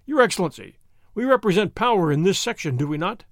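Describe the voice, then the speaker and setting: A man voicing the proud leader of young noble horsemen, speaking sternly and forcefully. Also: sits high, expressive, fast talker, no echo, studio quality.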